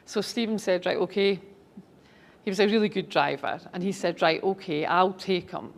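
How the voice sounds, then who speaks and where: A woman's voice: mid-range voice, steady tone, moderate pace. A middle-aged woman, a speaker and author, telling anecdotes to an audience in a chatty, enthusiastic way. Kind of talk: storytelling talk to an audience.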